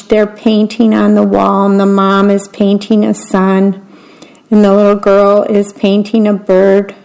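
A woman reading a picture book aloud, describing each picture in a gentle, deliberate way. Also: medium pitch, poor audio. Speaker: storybook reader.

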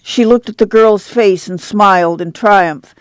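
A woman narrating an audiobook in a measured, even storytelling manner. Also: mid-range voice, clear, resonant tone, no echo.

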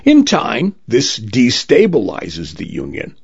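A man's voice: mid-range voice, wildly swooping pitch, takes it slowly, creaky, a little mellow, slightly rough, lo-fi sound, heavily acted. A man voicing a matter-of-fact male lawyer who explains things in a dry, slightly prim way, read as part of a storybook-style reading. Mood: explanatory.

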